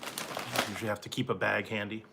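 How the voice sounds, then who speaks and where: A man's voice: lowish voice, little pitch movement, fairly quick, gravelly, noisy background. A man talking casually as a food reviewer, rambling and trailing off with frequent chuckles. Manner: rambling, laughs often, trails off. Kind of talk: casual late-night chat.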